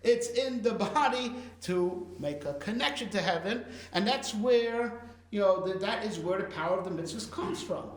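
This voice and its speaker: Male rabbi lecturer, high voice, animated, roomy echo. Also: normal speed. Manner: animated, explains with rhetorical questions and fillers. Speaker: rabbi teaching a class. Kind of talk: Torah class lecture.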